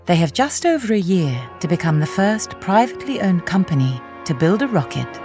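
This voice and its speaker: Woman narrator, deep for a woman, really lively delivery, music under it. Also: a little fast. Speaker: documentary narrator. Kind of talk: scripted documentary narration.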